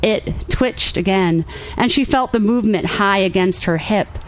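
A woman reading her own romance fiction aloud at a live reading, measured and steady. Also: mid-range voice, poor audio. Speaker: author reading her work.

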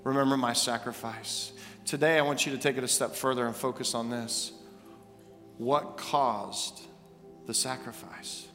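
Preacher guy, bright punchy voice, big echoey church, bit of music under. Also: mid-range voice, unhurried. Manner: animated storytelling, emphatic repetition. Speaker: pastor. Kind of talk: sermon. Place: church sanctuary.

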